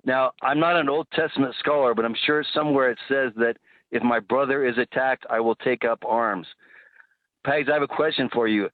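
A man calling in to a radio show, speaking in an earnest, deliberate way with deadpan sarcasm. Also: mid-range voice, no echo. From United States. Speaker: caller. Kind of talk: phone-in call. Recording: tinny phone line.

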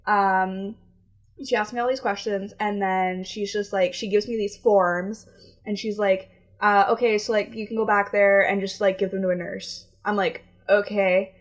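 A young woman casually telling a long story on a chat podcast, animated and acting out the people she met. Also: medium pitch, normal speed.

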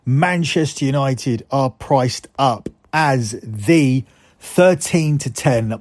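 A man's voice: medium pitch, darkish tone, no echo. Plain-voiced male sports betting podcaster. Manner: fluent, analytical, rattles off odds and stats. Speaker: podcast host. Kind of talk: sports betting preview with ad reads.

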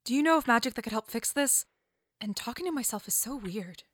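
A woman's voice: on the high side, animated, a little fast, no room sound, clean studio sound. A woman in an audio drama, playing a cautious, worried young woman.

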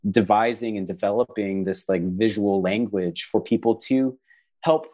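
A man's voice: fairly low pitch, moderate pace, warm tone. Earnest, reflective man in conversation. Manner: earnest, reflective, many fillers and restarts. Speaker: visual artist guest. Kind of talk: conversational interview answers.

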